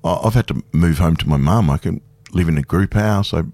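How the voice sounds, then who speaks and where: Man, 50s, deep voice, candid and jokey, dry studio sound. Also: brisk, a little mellow, no echo. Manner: candid, self-deprecating, laughs easily. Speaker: guest performer. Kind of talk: casual radio interview.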